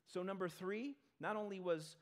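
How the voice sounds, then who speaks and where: A male pastor giving a conversational sermon to a congregation in a church, talking in an animated way. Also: sits high. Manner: animated, acts out quick character voices.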